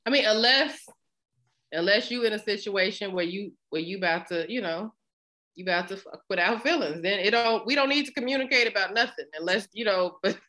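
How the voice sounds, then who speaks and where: A woman's voice: medium pitch, fairly quick, sharp tone. A woman from New York co-hosting a casual chat, candid and slangy, often laughing. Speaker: podcast co-host.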